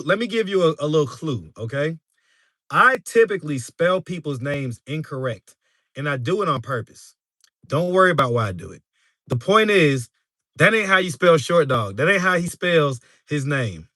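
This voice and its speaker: A man's voice: on the high side, bright, forceful tone, no room sound, clean studio sound. A man from New York hosting a casual livestream, laughing often and talking straight to his chat. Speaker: street interview channel host.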